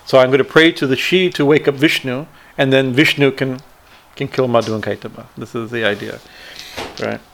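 A man explaining a Sanskrit hymn line by line, chanting verses slowly and talking with many fillers and repeated words. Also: mid-range voice, steady tone, creaky, fairly bright tone, slight background noise. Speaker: teacher explaining scripture.

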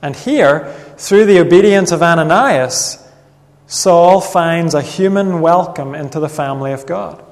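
A man preaching a sermon in an earnest, measured way, reading Bible passages aloud. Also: on the high side. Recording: long reverb of a hall.

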